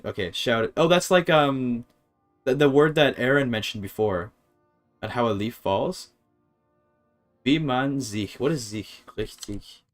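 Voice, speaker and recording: Male streamer, mid-pitched, hesitant and musing, faint music in the background. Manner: thinking aloud, hesitant, full of restarts. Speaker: streamer learning a language. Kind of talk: casual game-stream commentary.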